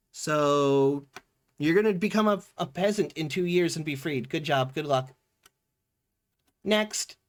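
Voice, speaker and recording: Animated, high-pitched male streamer. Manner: animated, playful, quick reactions. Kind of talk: live gameplay commentary, reading game text aloud.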